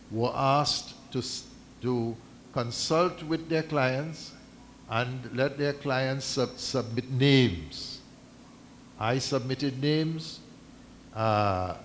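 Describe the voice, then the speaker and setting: A man speaking formally at a community meeting, measured and deliberate, stopping and restarting as he reads out a document. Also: mid-range voice, a little hiss or hum. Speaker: mosque community representative addressing a meeting. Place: islamic centre meeting hall.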